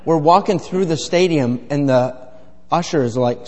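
A man's voice: fairly high pitch, unhurried. A middle-aged man preaching a sermon in a folksy, rambling storytelling way full of fillers. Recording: echoey hall with long reverb.

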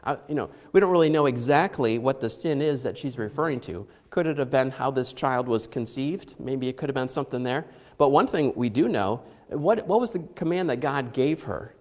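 A man in his thirties preaching a sermon in an earnest, halting way, often restarting his phrases. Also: medium pitch, expressive, darkish tone, in a large hall. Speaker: pastor.

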